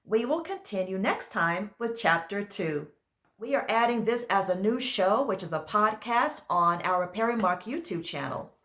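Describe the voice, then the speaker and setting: Female author-narrator, earnest and measured, medium pitch. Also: expressive, a bit bright. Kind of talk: book reading narration.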